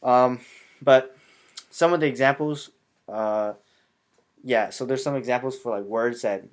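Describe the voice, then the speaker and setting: A man whose first language is Hmong, explaining in a casual, halting way with frequent filler sounds. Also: mid-range voice.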